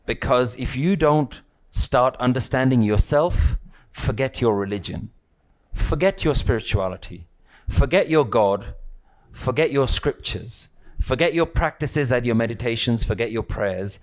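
A male spiritual teacher addresses a live group slowly and deliberately, his medium-pitched voice expressive. He circles his points with repeated phrasing and poses rhetorical questions to the audience.

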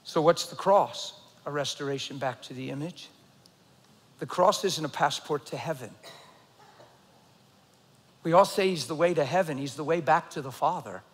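A middle-aged man preaching a sermon, swinging between loud emphasis and a low, intense near-whisper. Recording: long hall reverb.

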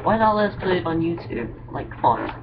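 A man with a fairly high voice tells jokes briskly in a casual vlog, hesitant, rambling, and self-deprecating. The lo-fi mic sounds dull and picks up clear background noise.

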